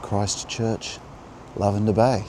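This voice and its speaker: A vlogger strolls through a church garden beside the harbour, musing offhandedly in a low, dark-toned voice that moves slowly and barely shifts in pitch. It's a walking tour vlog, with outdoor ambience and passing traffic audible throughout.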